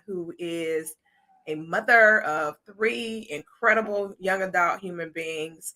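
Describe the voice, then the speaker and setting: Sassy detroit-born woman in her 40s, bright voice, slangy playful banter. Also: fairly low pitch. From Detroit, Michigan. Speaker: guest, author and talk show host. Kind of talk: casual faith talk show chat.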